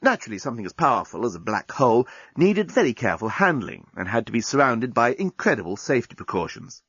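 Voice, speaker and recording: Lively husky male audiobook narrator. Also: mid-range voice, quick pace, no room sound, highs cut off. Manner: lively comic storytelling. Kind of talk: scripted narration.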